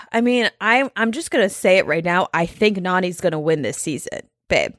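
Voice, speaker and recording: A woman's voice: on the low side, animated, normal speed, fairly bright tone, no room sound, studio quality. A woman co-hosting a casual recap podcast, blunt and exasperated, swearing freely. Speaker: podcast co-host. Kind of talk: casual chat.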